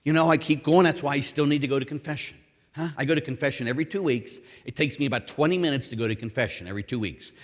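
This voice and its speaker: A man's voice: mid-range voice, quick pace. A man in his fifties from Pittsburgh, a priest giving a conference talk on confession, telling stories with self-deprecating humor and acted asides. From Pittsburgh, USA. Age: 50s. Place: conference hall. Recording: long reverb in a large hall.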